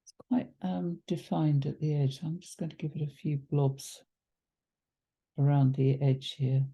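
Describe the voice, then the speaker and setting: This watercolour teacher's voice is low and her pace measured. She talks through a laid-back demonstration, musing aloud, saying um, and correcting herself.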